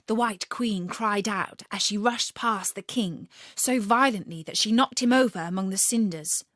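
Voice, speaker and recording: A woman reading a children's storybook aloud in an expressive, animated way. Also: mid-range voice, normal speed, hardly any pauses, no echo, studio quality.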